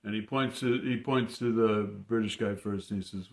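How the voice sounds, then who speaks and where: A man telling an anecdote in a casual, halting way, often repeating words. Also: mid-range voice, steady tone. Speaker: storyteller. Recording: roomy echo.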